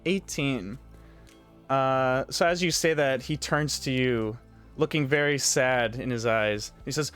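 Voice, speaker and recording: A man's voice: medium pitch, slow, fairly bright tone, clear, resonant tone, soft background music. A man running a tabletop game as game master, narrating loosely with many fillers.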